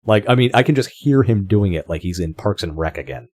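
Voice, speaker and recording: A man's voice: on the low side, expressive, brisk, darkish tone, no room sound, studio quality. A man co-hosting a podcast, talking casually, swearing freely and often restarting his sentences. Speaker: podcast co-host.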